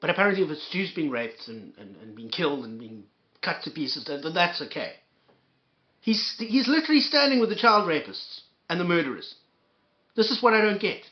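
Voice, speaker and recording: A man's voice: a little high, very animated, moderate pace, lo-fi sound. A man hosting an angry reaction commentary, ranting and swearing, often stammering over his words. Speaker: commentary host.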